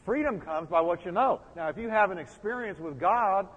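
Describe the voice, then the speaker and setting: A man's voice: sits high, expressive, moderate pace, fairly bright tone, breathy edge, in a large hall, lo-fi sound. A man preaching a sermon as pastor, building emphasis and putting questions to the congregation.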